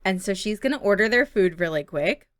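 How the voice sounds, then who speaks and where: A woman's voice: mid-range voice, expressive, brisk, dry recording, clean studio sound. A young woman giving chatty, playful commentary while playing a life-sim game. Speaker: gameplay video host. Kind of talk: casual gameplay commentary.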